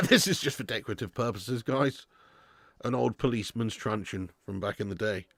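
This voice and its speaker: A man's voice: medium pitch, animated, moderate pace, vocal fry, fairly bright tone, slightly rough, no echo, clean studio sound. A man hosting a live football watch-along from his garage, chatting casually with viewers, swearing freely and reading out the chat between bits of match commentary. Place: home garage used as storage room.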